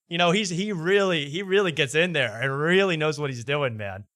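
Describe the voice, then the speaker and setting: A man's voice: fairly high pitch, normal speed, few pauses, fairly bright tone, no room sound, studio quality. A man hosting a talk show, ranting sarcastically over clips and repeating himself.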